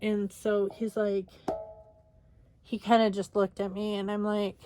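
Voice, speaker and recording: Slow, tired woman rambling casually. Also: mid-range voice, little pitch movement, warm tone, a little hiss or hum. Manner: rambling, tired, many fillers. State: exhausted. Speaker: scrapbooking vlogger. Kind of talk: casual chat while crafting.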